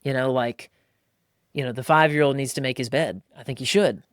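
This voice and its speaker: A man's voice: mid-range voice, a little fast, no echo, clean studio sound. A man in his thirties hosting a casual podcast chat, telling stories with lots of acted-out quotes and casual slang. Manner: animated storytelling, acting out quotes, frequent "like" and "bro". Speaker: podcast host.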